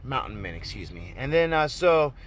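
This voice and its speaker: A man from Oregon casually telling a personal story in a rambling, profane, animated way. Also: medium pitch, normal speed, a little hiss or hum.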